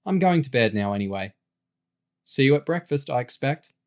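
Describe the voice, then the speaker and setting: A man's voice: medium pitch, lively intonation, normal speed, natural voice. A man reading a story aloud, voicing a chatty, slightly nervous teenage girl who brushes things off. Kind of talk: audiobook character voice.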